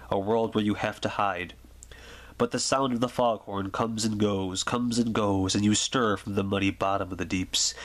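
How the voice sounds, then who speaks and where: A man reading the part of a calm, wistful old lighthouse keeper in a quiet, measured ASMR story reading. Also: on the low side, lightly acted.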